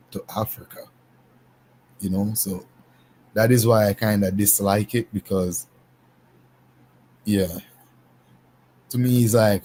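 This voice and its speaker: A man hosting a casual panel discussion, talking in an unhurried, emphatic way with frequent restarts. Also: lowish voice, a little mellow, slight background noise. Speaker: panel host.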